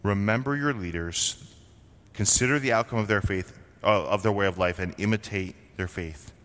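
A man's voice: lowish voice, moderate pace, fairly bright tone, long reverb tail. A man from Vermont preaching a sermon as a pastor, in a conversational way with frequent rhetorical questions. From Vermont, USA.

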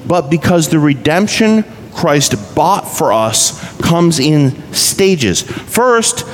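A pastor preaching a conversational sermon, asking his listeners rhetorical questions. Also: mid-range voice. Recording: reverberant hall, faint background noise.

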